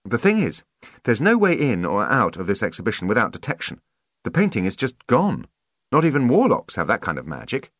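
A man voicing a brisk, teasing fairy woman. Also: medium pitch, huge pitch swings, a bit bright, no echo, clean studio sound, pitched above the performer's own voice. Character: sharp-tongued young female fairy officer. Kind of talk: audiobook character voice.

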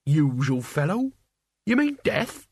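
A man's voice: on the high side, big pitch swings, slow pace, darkish tone, slightly rough, no room sound, clean studio sound, heavily acted. A man voicing a nervous, bewildered young apprentice of Death in an audiobook reading. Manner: flustered, bewildered.

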